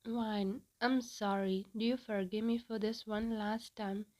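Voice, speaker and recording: A woman voicing a gentle, apologetic young husband in a read-aloud story, speaking softly and pleadingly. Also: mid-range voice, fairly even intonation, unhurried, close to an everyday voice.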